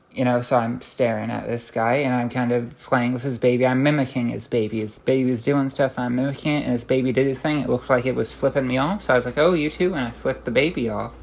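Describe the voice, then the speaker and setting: Gravelly young man rambling ruefully. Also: medium pitch. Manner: rambling and rueful, with frequent restarts. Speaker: vlogger. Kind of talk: confessional vlog monologue.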